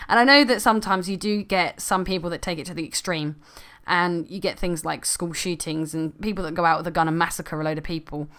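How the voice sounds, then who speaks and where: A young woman talking casually to camera as a gaming vlogger, chatty and often laughing, her voice sometimes dropping to quiet asides. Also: lowish voice, a little fast.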